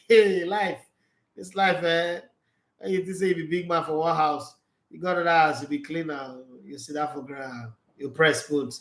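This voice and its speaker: A man with a Nigerian Pidgin English accent runs an excitable football chat, laughing and switching freely between Pidgin and English. His voice sits a bit high for a man. The room around him rings with a noticeable echo. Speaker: sports channel host. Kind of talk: live football commentary chat.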